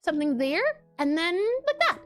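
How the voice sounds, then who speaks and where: A woman's voice: high-pitched, very animated, moderate pace, a bit bright, faint music behind. A woman streaming herself drawing pixel art, chatting casually and giggling as she works and answers her chat. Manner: chatty, giggly, reads chat aloud and banters. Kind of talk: casual livestream commentary while drawing.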